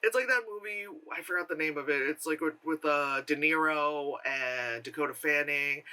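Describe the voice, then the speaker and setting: A man's voice: fairly high pitch, fairly quick, pushed and bright. A man giving a casual, rambling film review with sarcastic asides and lots of fillers. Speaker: movie reviewer.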